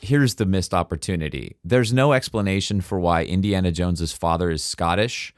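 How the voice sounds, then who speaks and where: A man's voice: fairly low pitch, clear, resonant tone, dry recording, studio quality. A man co-hosting a podcast, recapping a film in casual chat and acting out its lines with laughs. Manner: animated storyteller, quotes and acts out scenes with laughter. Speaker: podcast co-host.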